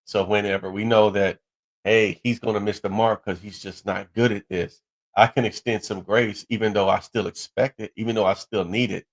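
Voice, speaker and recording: A man's voice: on the low side, steady tone, normal speed. A man co-hosting a faith-based relationship talk, earnestly advising other men. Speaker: co-host.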